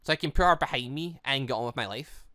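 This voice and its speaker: A man's voice: mid-range voice, quick pace, no echo, clean studio sound, natural voice. A man reading a distraught young woman. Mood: pleading. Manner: reads her lines flat in his own voice. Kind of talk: visual novel read-through.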